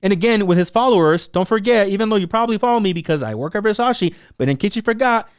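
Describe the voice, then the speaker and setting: A man with a slightly raised pitch talks straight into the mic in a dry, close room. He hosts his own commentary show, running hot and sarcastic and breaking into mocking voices to act out what others said. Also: fast, smooth, dry recording. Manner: excitable, sarcastic, acts out quotes in mocking voices. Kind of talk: animated solo commentary.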